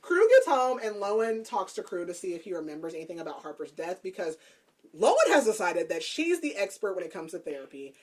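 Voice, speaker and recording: A woman's voice: medium pitch, big pitch swings, a little fast. A woman podcast host casually recapping a book's plot, chatty and laughing, with lots of "like". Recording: voice a bit far from the mic.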